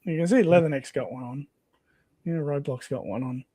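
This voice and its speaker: A man's voice: fairly high pitch, brisk, mellow, dry recording. Chatty man, dry close sound. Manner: chatty, laughs often, voice rises and falls a lot. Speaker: host. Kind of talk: casual comic read-along.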